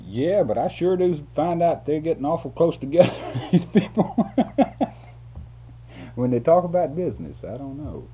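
A man's voice: fairly high pitch, moderate pace. An older man, a photographer, telling a rambling, chuckling story in an interview. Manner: chuckling, folksy, animated. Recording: tinny lo-fi tape with hum.

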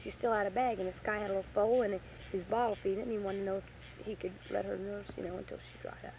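Talking fast in a medium-pitched voice, a middle-aged woman who owns horses tells stories in a casual chat. She performs the quoted lines with animation and grows heated as she relives the anger, all on hissy, tinny lo-fi tape.

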